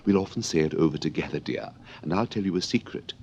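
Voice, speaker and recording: A man's voice: sits low, expressive, fast talker, darkish tone, highs cut off, a little hiss or hum. A man reading an audiobook, voicing a feeble, muddled queen with a fussy, anxious quaver. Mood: dithering.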